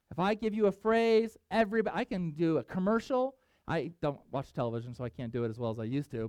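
A man preaching a sermon to a congregation in a church, talking in an emphatic, animated, conversational way. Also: sits high, dry recording. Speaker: pastor.

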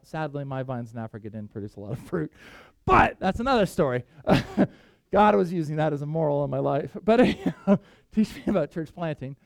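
A man's voice: high voice, a little mellow, dry recording. A man preaching a sermon, earnest and conversational, with self-deprecating asides. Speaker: pastor.

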